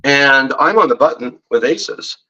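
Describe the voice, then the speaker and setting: A man's voice: mid-range voice, expressive, a little slow, sharp tone, lo-fi sound. A man guesting on a podcast, telling rambling, jokey stories and teasing the hosts. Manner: rambling, jokey storyteller who teases the hosts. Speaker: guest poker pro and betting expert. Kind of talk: casual podcast storytelling.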